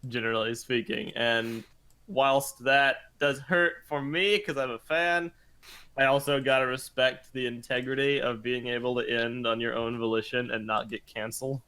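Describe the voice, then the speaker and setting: A man's voice: medium pitch, fairly even intonation, normal speed, sharp tone, clear, resonant tone. A man co-hosting a podcast, talking earnestly and reflectively in casual chat. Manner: earnest, reflective fan talk. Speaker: podcast co-host.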